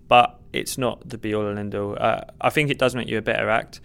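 A man's voice: lowish voice, fast, creaky, a bit bright, clean tone. A man, a stand-up comedian, giving candid, self-deprecating and rambling answers in a podcast interview.

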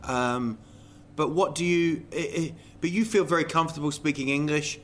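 A man's voice: a little high, normal speed, fairly bright tone, a little hiss or hum. A man hosting a podcast, chatting casually and bantering with his guest, often slipping into voices as he tells stories. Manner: bantering, jokey, slips into quoted voices. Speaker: podcast host; comedian. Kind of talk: casual interview chat.

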